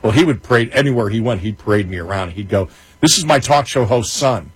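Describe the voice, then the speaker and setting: A man co-hosting a late-night talk radio show, telling personal stories in casual, animated chat with many restarts. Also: lowish voice, fast, husky, no room sound, poor audio.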